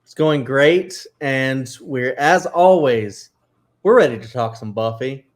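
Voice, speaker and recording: A man co-hosts a casual chat show in a middle-pitched voice. He rambles and leans heavily on fillers. He sounds excitable and a little emotional. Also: slow. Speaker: co-host.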